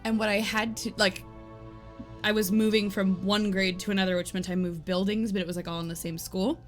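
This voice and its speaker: A woman game streamer chats casually on a live stream, rambling, giggling, and saying "like" a lot as she tells animated stories. Her voice is medium-pitched and a little fast, with faint game music underneath.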